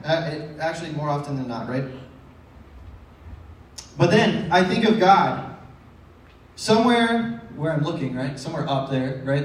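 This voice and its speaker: A male pastor preaching a casual, conversational sermon in a church, often asking the congregation rhetorical questions. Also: on the high side. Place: church sanctuary. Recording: echoey hall from far off.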